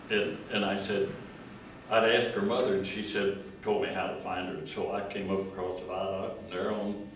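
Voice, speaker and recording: A man's voice: lowish voice, noisy background. A man, a retired county agent telling long, folksy stories with a chuckle. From Kentucky. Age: 90s. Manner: slow, folksy, chuckling storyteller. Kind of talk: rambling personal storytelling. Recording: echoey room, distant mic.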